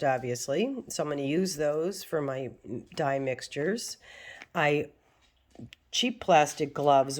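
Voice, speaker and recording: Low-voiced rambling American woman vlogger. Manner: rambling, self-deprecating, chuckles at herself. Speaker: crafting vlogger. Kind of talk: casual chat.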